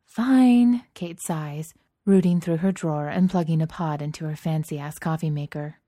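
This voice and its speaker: A woman reading a story aloud in a calm, even way. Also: deep voice, normal speed, no echo, studio quality. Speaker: reader. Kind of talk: fan fiction reading.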